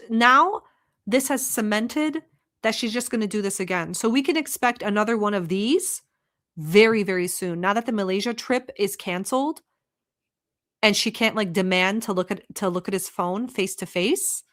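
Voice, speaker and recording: A woman from the Middle East hosts a reaction channel, calling out what she sees in clips in a blunt, profane, animated way. Her voice sits at an ordinary middle pitch, and her sarcasm comes through clearly.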